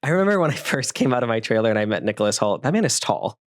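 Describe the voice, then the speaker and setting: A young man talks in a gushing, excitable way, piling up filler words as he chats. His voice sits at an ordinary middle pitch. The sound is dry and close, with no room echo. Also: racing. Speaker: podcast co-host and actor. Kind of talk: casual interview chat.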